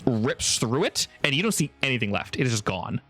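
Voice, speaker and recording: A man's voice: medium pitch, big pitch swings, a bit bright, soft background music. A man narrating a tabletop game as game master, playful and helpful with the players. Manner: playful, quick to laugh, helpful.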